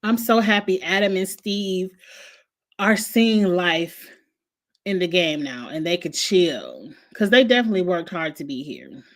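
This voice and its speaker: A woman's voice: on the low side, very animated, a little slow. Blunt, opinionated woman host. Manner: blunt, opinionated, swears freely. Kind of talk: casual reality TV recap.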